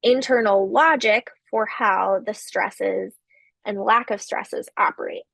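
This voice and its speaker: A woman giving a recorded literature lecture, explaining slowly with occasional fillers. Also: medium pitch, creaky, fairly bright tone, dry recording.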